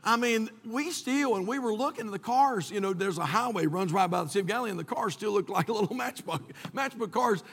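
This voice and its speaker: A man's voice: high-pitched, animated, a little fast, gravelly, few pauses, fairly bright tone, breathy edge, long reverb tail. A man from North Carolina, preaching a sermon and telling a folksy personal story with many restarts. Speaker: pastor.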